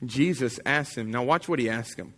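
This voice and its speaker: A man's voice: medium pitch, normal speed, fairly bright tone. A man pastor preaching a sermon to his congregation in an emphatic, casual and plain-spoken way.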